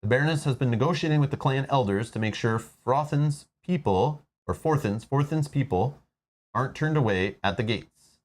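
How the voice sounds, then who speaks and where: A man voicing a poised, reserved noble baroness while reading a board game's story text aloud, in a formal, measured way. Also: mid-range voice, lightly acted. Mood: gravely formal.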